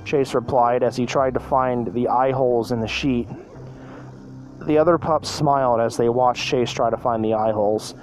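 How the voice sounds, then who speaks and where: A man's voice: medium pitch, fairly even intonation, normal speed, soft background music, rough recording. A man reading a fan story aloud as narrator, often tripping over words and correcting himself mid-sentence. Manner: stumbling, self-correcting reading.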